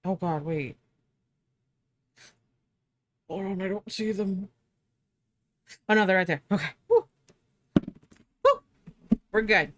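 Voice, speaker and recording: Sleepy and yawning, a young woman chats in a bubbly way with her live-stream viewers and herself as she draws. She speaks in a mid-range voice, a little slowly, with long pauses.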